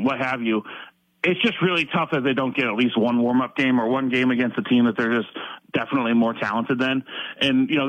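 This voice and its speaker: A man's voice: medium pitch, fairly bright tone, no echo. Sports writer guy calling in, chatty, muffled lo-fi line, dry. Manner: conversational, many fillers. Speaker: sports reporter guest. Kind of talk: sports radio interview. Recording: dull lo-fi line.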